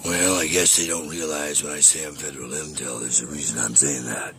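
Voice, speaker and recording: A man's voice: extremely low pitch, fairly bright tone. Furious, foul-mouthed man ranting on a call. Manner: agitated, profane, boastful. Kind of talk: profane angry rant on a call.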